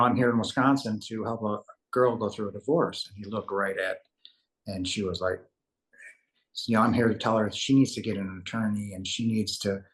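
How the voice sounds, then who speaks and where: A man telling a personal spiritual story in a rambling, earnest way, acting out the dialogue. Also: on the low side. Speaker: guest telling his near-death story. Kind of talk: casual storytelling.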